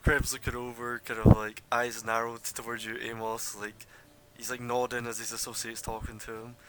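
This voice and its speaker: A man's voice: medium pitch, completely flat delivery, normal speed, a bit bright. A young man narrating a tabletop game as game master, rambling with many fillers.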